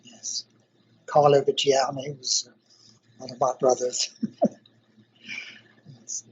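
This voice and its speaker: An older man from South Africa, interviewed in a university lab, explaining technical ideas step by step in a measured way. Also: mid-range voice, flat delivery, slightly rough, muffled recording. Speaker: interviewee, engineering professor.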